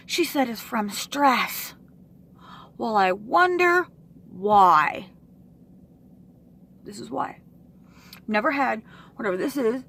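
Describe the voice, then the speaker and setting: A woman with a high-pitched voice vents to her camera in an exasperated, profane way. She speaks slowly, with sighs and long pauses between her complaints. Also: lively intonation, fairly bright tone. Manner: frustrated, swearing, with sighs and pauses. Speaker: vlogger. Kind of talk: venting to camera.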